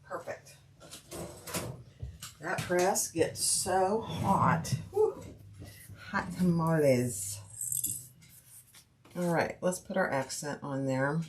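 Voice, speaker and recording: A woman runs a sewing livestream from her home sewing room, chatting casually as she works and welcoming viewers by name. She has a low voice, draws out her words and leaves long pauses, with a little hiss or hum audible.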